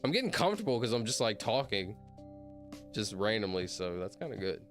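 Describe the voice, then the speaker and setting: A man's voice: on the low side, sing-song, a little fast, faint music behind. A man streaming while he counts aloud, chatting casually and drifting off topic as he talks to himself. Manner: rambling, easily sidetracked, talks to himself. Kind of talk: casual livestream chat.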